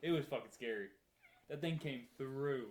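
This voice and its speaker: A man's voice: mid-range voice, normal speed. A young man co-hosting a podcast, chatting casually with blunt jokes. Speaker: podcast co-host. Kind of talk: casual chat.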